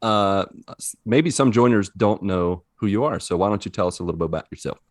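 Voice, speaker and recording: A man's voice: fairly low pitch, fairly quick, no echo, studio quality. A man hosting a casual podcast chat, friendly and joking with his guest. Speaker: podcast host.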